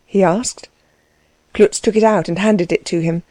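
A woman reading a novel aloud as narrator in an even, measured way. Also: fairly low pitch, no echo. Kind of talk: audiobook narration.

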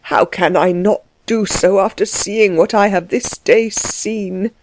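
A woman's voice: mid-range voice, steady tone, takes it slowly, slight background noise, natural voice. Distraught older male servant, pleading and anxious; a woman narrator reads the part. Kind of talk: audiobook character reading.

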